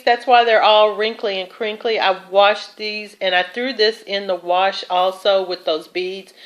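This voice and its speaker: A woman chatting casually about her thrift store finds in a vlog, with fillers and self-corrections. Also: lowish voice. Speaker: thrift haul vlogger. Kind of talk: casual show-and-tell vlog.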